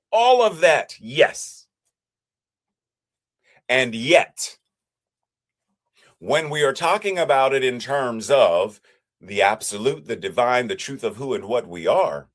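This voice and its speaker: Slow, measured male preacher. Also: medium pitch, a bit bright. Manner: measured, repetitive preaching cadence. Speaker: minister. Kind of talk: sermon.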